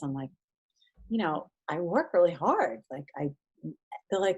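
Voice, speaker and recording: A woman's voice: moderate pace, pauses often, husky. A woman in her thirties, a guest on an interview podcast, talking casually and acting out quoted exchanges. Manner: animated, acts out quoted exchanges in a higher voice. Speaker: podcast guest, triathlete and mindset coach.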